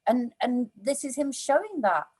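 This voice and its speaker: A woman with a fairly high voice reflecting earnestly on scripture in relaxed conversation, often pausing on "you know". Her voice sits dry and close, with no room around it. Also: husky, no echo, rough recording. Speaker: church discussion partner. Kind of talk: conversational Bible discussion.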